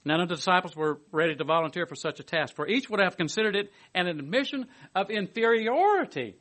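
A man giving a sermon, reading a commentary aloud and adding his own asides, moving between emphatic bursts and quiet, hushed stretches. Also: high-pitched, quick pace. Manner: lively, swings from emphatic to hushed. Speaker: preacher.

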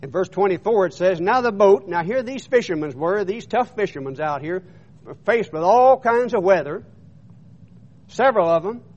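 A man's voice: high-pitched, animated, normal speed, a little mellow. A man preaching a sermon, retelling scripture in an emphatic storytelling manner and often repeating words. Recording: dull muffled recording.

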